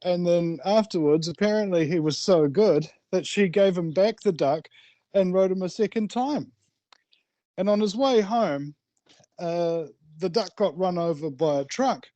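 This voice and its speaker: A man telling a long joke on an online call, pausing often with fillers. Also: on the high side, dark tone, no room sound. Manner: rambling storyteller, many "uh" fillers. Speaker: caller in an online hangout.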